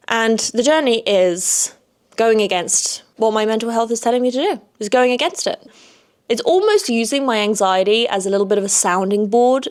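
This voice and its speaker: A woman talking alone on her podcast in a loose, casual monologue. She is blunt and frank, swears freely and keeps checking in with a pointed "okay?". Her voice sits at a medium pitch. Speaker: podcast host.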